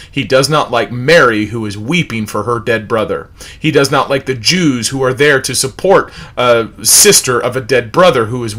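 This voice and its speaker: A man leading a livestreamed Bible study, asking repeated rhetorical questions and reading out word definitions. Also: mid-range voice. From United States. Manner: animated, repetitive rhetorical questions, reads word definitions aloud.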